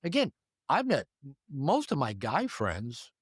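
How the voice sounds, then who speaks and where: A little slow and medium-pitched, with a breathy edge, the older man, a relationship therapist, gives casual advice in an interview. He animatedly acts out small dialogues in varied voices, heard in clean studio sound without echo.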